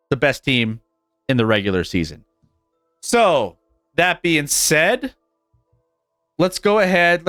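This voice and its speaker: A man hosting a live sports betting stream in a casual, animated way, chuckling often and restarting his sentences. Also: fairly high pitch, dry recording, studio quality. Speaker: sports betting show host.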